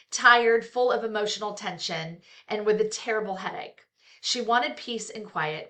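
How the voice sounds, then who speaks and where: A middle-aged woman reads from a book in an easy, conversational way. She keeps pausing to add candid comments of her own, full of "you know" and "like". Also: medium pitch, fairly bright tone. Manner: reads aloud then breaks off into frank, chatty asides with fillers. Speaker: therapist reading and discussing a book. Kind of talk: casual book reading with commentary.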